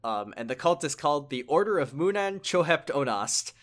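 A man's voice: fairly high pitch, very animated, normal speed, fairly bright tone. Rambling man recapping a game. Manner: rambling, many fillers and self-corrections. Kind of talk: casual chat recapping a video game.

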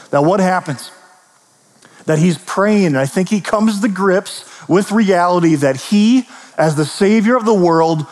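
A man preaching a sermon as pastor, casual and storytelling, tossing in quick asides and questions to the listeners. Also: a little high. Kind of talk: conversational sermon. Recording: long reverb of a large hall.

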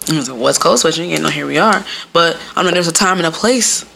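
Animated gravelly-voiced woman podcaster. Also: low-pitched, fast talker, a little hiss or hum. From Midwest US. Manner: animated, acting out quoted voices. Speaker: podcast host. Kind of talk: casual comedic monologue.

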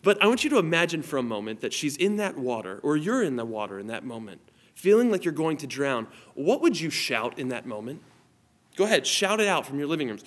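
A man's voice: fairly high pitch, big pitch swings, normal speed. A man in his thirties preaches a sermon recorded for online viewers. He tells stories earnestly and reads scripture aloud, and his voice sits slightly above the usual male range. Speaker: pastor.

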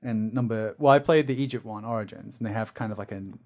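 A man's voice: on the low side, fast, darkish tone. A man co-hosting a podcast in casual chat, rambling with many fillers and restarts and slipping into silly voices. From Australia. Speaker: podcast co-host.

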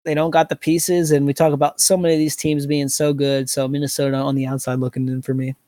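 A man's voice: a little high, level tone, fast talker, mellow, dry recording, clean studio sound. A man co-hosting a fantasy basketball podcast, talking casually with lots of fillers. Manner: conversational, hedging fillers. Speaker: podcast co-host.

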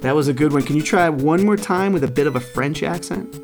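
A male podcast host wrapping up a casual episode, talking haltingly with many fillers. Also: fairly high pitch, music in the background. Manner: halting, filler-heavy, friendly wrap-up.

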